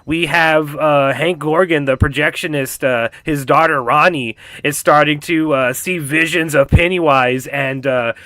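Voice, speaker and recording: A man casually recapping a TV episode for his channel, telling it in a profane, animated way with lots of fillers. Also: on the high side, measured pace, few pauses, no room sound. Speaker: reaction channel host.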